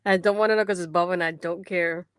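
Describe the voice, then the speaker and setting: A woman's voice: lowish voice, steady tone, fast talker, smooth, dry recording. Blunt woman in dry casual chat. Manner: blunt, dismissive, sarcastic. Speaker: co-host of a wrestling post-show.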